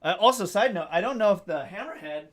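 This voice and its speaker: A man's voice: high voice, animated, quick pace. A man hosting a casual live stream, chatting with viewers and reading their comments in a joking, self-deprecating way, swearing now and then. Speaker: livestream host.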